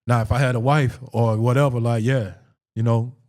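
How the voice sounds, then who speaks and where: A man's voice: medium pitch, fairly even intonation, normal speed, a little mellow. A man co-hosting a podcast, telling a personal story in an emphatic, conversational way, repeating phrases for stress. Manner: conversational, acts out quoted dialogue. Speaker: podcast co-host.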